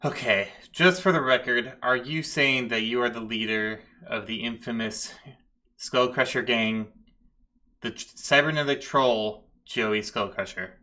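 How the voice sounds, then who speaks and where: A man voicing a brisk, practical female police lieutenant in a tabletop game. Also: mid-range voice, pushed and bright. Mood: curt.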